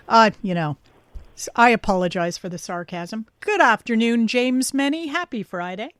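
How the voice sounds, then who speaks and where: A woman radio host speaking in slow, drawn-out, mock-sympathetic tones. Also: fairly high pitch, no room sound. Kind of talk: radio show host chat.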